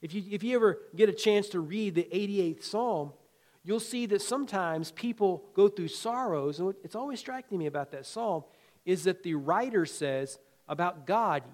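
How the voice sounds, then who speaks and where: A man preaching a sermon in a folksy, conversational way, swinging between loud emphatic lines and quiet asides, with chuckles. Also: sits high, lively intonation, normal speed. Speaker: pastor.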